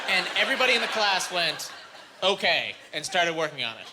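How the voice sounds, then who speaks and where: A young man doing a stand-up routine on a comedy club stage, animated and jumping into high squeaky voices when acting out scenes. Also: brisk, noisy background. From Canada. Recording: live club recording with audience laughter.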